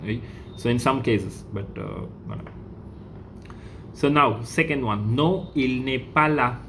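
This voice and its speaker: A man with an Indian English accent teaching a French lesson, explaining slowly and repeating words often. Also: mid-range voice, bright, forceful tone, slight background noise. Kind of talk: classroom lesson.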